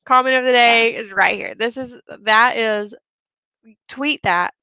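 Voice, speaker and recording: A woman's voice: fairly high pitch, unhurried, sharp tone, clear, resonant tone, no echo. A woman co-hosting a casual reality TV chat show, chatty and teasing. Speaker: co-host.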